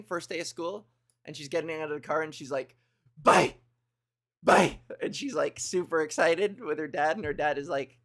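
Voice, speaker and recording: A woman hosting a comedy livestream, chatting casually with viewers in a rambling, crude, playful way. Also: low-pitched. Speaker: comedy streamer host.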